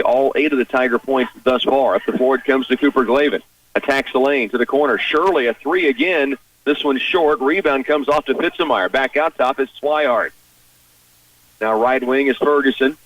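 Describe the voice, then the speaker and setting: A man calls a high school basketball game for radio, firing off short play-by-play phrases that climb when a shot falls. His voice sits in a middle register and sounds set back a little from the microphone. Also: a bit bright, no echo, dull audio. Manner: rapid clipped play calls, rising at big shots. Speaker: play-by-play announcer. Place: high school gym broadcast position. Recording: broadcast radio, mic at a distance.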